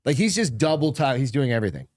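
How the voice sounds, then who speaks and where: Man, mid-pitch voice, laid-back jokey podcast chat, dry close sound. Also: big pitch swings, fast, a little mellow, no room sound. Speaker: podcast co-host. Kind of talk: casual chat.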